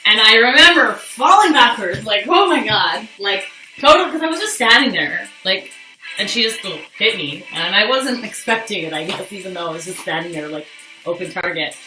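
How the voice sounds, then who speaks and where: Animated and at a normal pace, a medium-pitched voice comes from a young Canadian livestream host telling a personal story with candor and profanity as she chats with viewers. She is recorded from a distance in an echoey room, faint music in the background.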